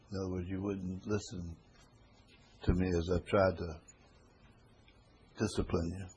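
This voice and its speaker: Low-voiced man teaching a Bible class. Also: steady tone, moderate pace, pauses often, dark tone, slight background noise. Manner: folksy, repeats phrases for emphasis. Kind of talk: Bible study lesson with scripture reading.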